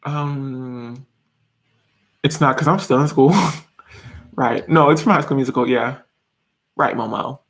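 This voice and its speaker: A man's voice: medium pitch, moderate pace, long pauses, a bit bright. A man in his twenties chatting casually on a live stream, reading viewer comments in a giggly, rambling way. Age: 20s.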